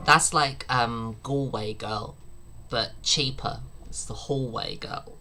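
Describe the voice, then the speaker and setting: A woman's voice: rumbling low, slow, sharp tone, faint music behind. A woman streaming her reactions to videos, mocking and sarcastic, swearing and laughing often.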